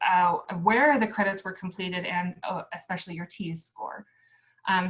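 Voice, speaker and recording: A woman's voice: medium pitch, a bit bright, muffled recording. A young American woman giving a casual recorded lecture as a nursing student tutor, chatty and upbeat with lots of ums.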